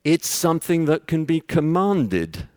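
Lively expository preacher, man. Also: fairly high pitch, unhurried, clean tone, dry recording, studio quality. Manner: explanatory, teacherly, builds points with everyday examples. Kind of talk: expository sermon.

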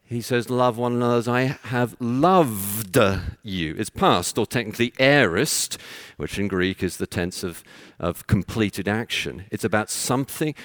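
A man's voice: mid-range voice, no echo, studio quality. A man preaching an expository sermon, explaining his points in a teacherly way with everyday examples.

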